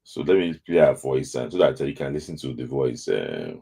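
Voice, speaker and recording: A man's voice: very deep voice, very animated, fairly quick, gravelly, mellow, slightly rough. A Nigerian man hosting a football talk stream, speaking in a lamenting way and repeating his phrases over and over. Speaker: football talk show host. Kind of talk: casual live-stream commentary.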